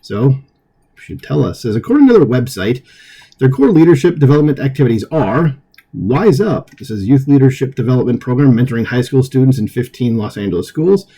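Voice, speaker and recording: A man's voice: medium pitch, sing-song, fairly quick, dark tone, breathy edge. A man hosting political commentary, reading an article aloud in a casual way and breaking off for conversational asides with fillers and chuckles.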